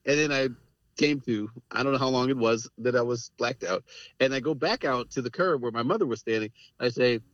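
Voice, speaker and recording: A man's voice: mid-range voice, brisk, dry recording. A middle-aged man telling candid personal stories as a podcast guest, earnest and reflective, laughing between points. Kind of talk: candid conversational storytelling. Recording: dry, dull lo-fi audio.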